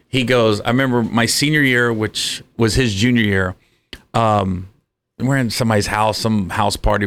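A comedian telling stories in casual chat, acting out the people in them and laughing often. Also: male voice, lowish voice, creaky, fairly bright tone.

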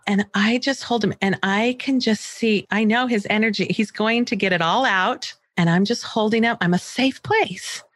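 A middle-aged woman gives a parenting lesson in a calm, gentle voice. She acts out example dialogue as she teaches. The recording is close and dry, with no room sound. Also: on the high side, no room sound. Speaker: parenting coach.

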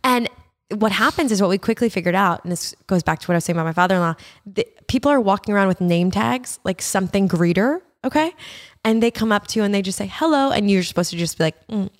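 Young woman telling a lively, salty story. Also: medium pitch, fast. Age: young adult. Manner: animated storyteller, swears freely, acts out quoted people. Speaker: podcast co-host. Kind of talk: casual chat.

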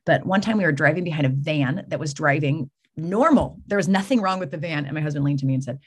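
A woman talks as a podcast guest, her voice low and breathy-husky. She tells stories with energy and slips into the voices of the people in them before turning to a message of faith. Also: quick pace. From California. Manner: animated storyteller, acts out quoted voices.

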